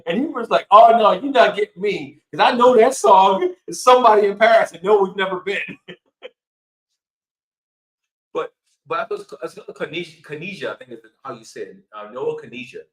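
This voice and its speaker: Animated man in an echoey room. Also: high-pitched, normal speed. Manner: animated storytelling with frequent laughter. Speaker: podcast co-host. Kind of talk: casual chat.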